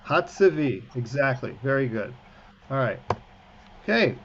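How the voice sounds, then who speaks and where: A man's voice: on the high side, expressive, normal speed, lo-fi sound, slight background noise. A man, a cantor, teaching a class over a video call, encouraging and chatty with joking asides. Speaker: cantor teaching prayer book reading. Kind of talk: online class instruction.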